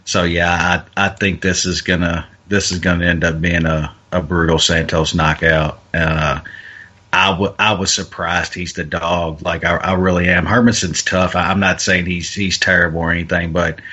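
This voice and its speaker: On a lo-fi recording, a male podcast co-host with a low, flat, pushed and bright voice chats about MMA fights and betting at a moderate pace. His delivery is hesitant, full of restarts and stammered repetitions.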